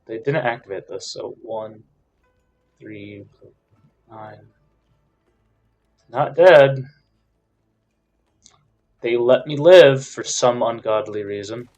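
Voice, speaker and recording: Faint music sits behind a mid-range male voice that takes its time, leaving long pauses. He offers casual, frustrated commentary on a card game match, alternating between loud gripes and quietly muttering counts.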